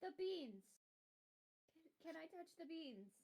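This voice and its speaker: A playful woman player in a tabletop game, high-pitched and jumping all over her range. She jokes and teases casually. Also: slow pace. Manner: playful, animated, jokey.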